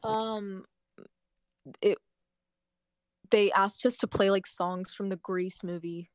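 A woman's voice: medium pitch, fairly even intonation, takes it slowly, clear, resonant tone, no echo. Wry young woman, dry sound. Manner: candid, wry, with fillers. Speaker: podcast co-host. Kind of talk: casual chat.

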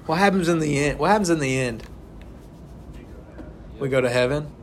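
A man's voice: on the high side, moderate pace, slight background noise. A young man leading a casual Bible study, talking to the group and checking in with "right?" again and again. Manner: conversational, keeps asking "right?". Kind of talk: informal sermon to a small group.

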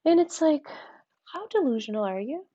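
A woman guest speaking candidly in an interview, telling her story in a frank, animated way and acting out what other people said. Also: normal speed, no room sound. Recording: muffled low-fidelity audio.

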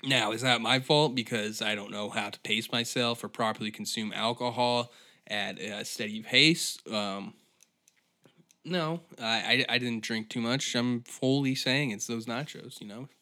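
A man's voice: medium pitch, unhurried, bright, forceful tone. A man hosting a comedy podcast, ranting in an exasperated, profane monologue. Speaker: podcast host.

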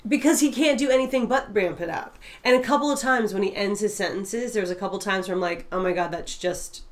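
A woman with an ordinary mid-range voice talks films in a relaxed podcast chat. She states her opinions bluntly and without hedging. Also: mid-range voice, fast talker. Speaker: podcast co-host. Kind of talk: casual movie discussion.

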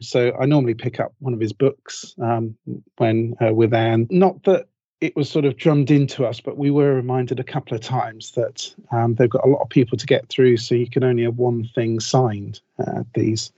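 Husky dark-voiced male podcast co-host. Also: mid-range voice, fairly even intonation, normal speed, no echo, dull audio. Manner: storyteller who acts out quotes, many ums. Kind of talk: casual chat, anecdote.

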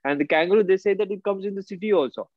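Profane, animated man, slightly raised pitch. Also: very fast, no room sound. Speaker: therapist and podcast co-host. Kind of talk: casual chat, storytelling. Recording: dull, muffled sound.

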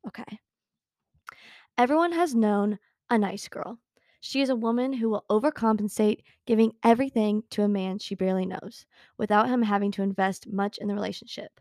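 A woman's voice: medium pitch, fairly quick, darkish tone, no echo, studio quality. A young woman hosting a casual talk show, chatty and bubbly, giggling often as she reads from a book. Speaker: podcast host. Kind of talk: casual chat with book readings.

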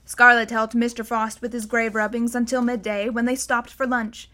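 A woman's voice: on the high side, flat delivery, moderate pace, pushed and bright. A woman reading a novel aloud as narrator, telling the story evenly and without hurry. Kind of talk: audiobook narration.

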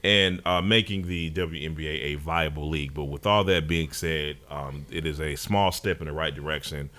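A man with a deep, low voice talks sports with his co-hosts. His delivery is relaxed and halting, full of fillers and restarts. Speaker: podcast co-host. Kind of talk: casual sports talk.

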